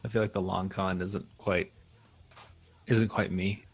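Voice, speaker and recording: A man's voice: deep voice, flat delivery, unhurried, husky. A man joking around playfully as a player in a tabletop game. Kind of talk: casual tabletop game chat. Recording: faint music in the background.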